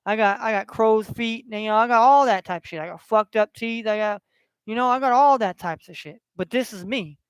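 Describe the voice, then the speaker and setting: A middle-aged man hosting a solo sports stream, his voice pitched high and resonant. He talks bluntly, swears freely and repeats himself. The sound is close and dry, with no room echo. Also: a little fast, clean tone. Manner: profane, blunt and repetitive, heated when passionate. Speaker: sports livestream host. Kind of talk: solo livestream rant and score updates.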